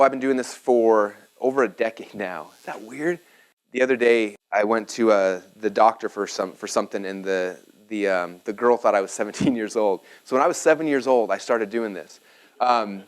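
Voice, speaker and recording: Rapid-talking man presenting a seminar. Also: medium pitch. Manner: rapid, casual, full of "like" and restarts. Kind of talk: live seminar talk. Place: room with a live audience.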